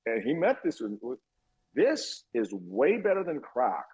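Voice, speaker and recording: A middle-aged man with a husky, slightly breathy voice tells a story from his own life. His pitch swings widely as he acts out other people's lines, and he curses casually along the way. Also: slow pace, low-quality recording. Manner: animated storyteller, swears freely, acts out quoted voices. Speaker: guest.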